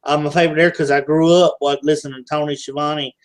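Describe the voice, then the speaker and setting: A man's voice: a little high, little pitch movement, quick pace, smooth. A man co-hosting a casual wrestling podcast, answering in a hesitant, laid-back way. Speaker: podcast co-host.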